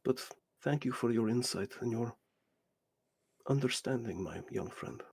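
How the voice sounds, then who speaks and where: A man voicing a cruel, ancient male vampire lord, speaking with calm, mocking menace. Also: mid-range voice, unhurried, creaky, husky, no room sound. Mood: coldly taunting.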